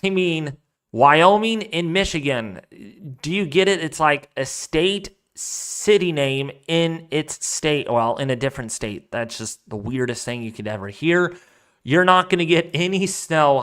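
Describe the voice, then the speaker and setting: A man's voice: on the high side, lively intonation, measured pace, fairly bright tone, smooth. A man hosting a weather live stream, chatting casually and rambling as he thinks aloud while reading out viewer donations. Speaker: weather livestream host.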